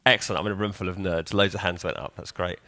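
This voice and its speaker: A man's voice: low-pitched, quick pace, sharp tone, no room sound. Joking man giving a conference talk. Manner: chatty, joking, quizzes the audience. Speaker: conference speaker. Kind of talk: live conference talk to an audience. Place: conference hall with audience.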